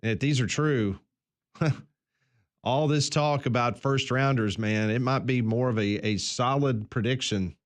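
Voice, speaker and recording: A man's voice: mid-range voice, takes it slowly. A man co-hosting a morning sports talk radio show, laying out the news with asides. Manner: chatty, explains the news with asides.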